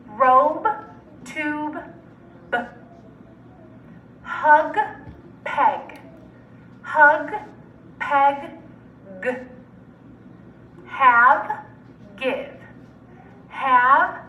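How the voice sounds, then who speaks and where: Woman teacher, high voice, slow word-by-word phonics drill, recorded from a distance with faint background noise. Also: sharp tone, reverberant. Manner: slow, deliberate word-by-word enunciation.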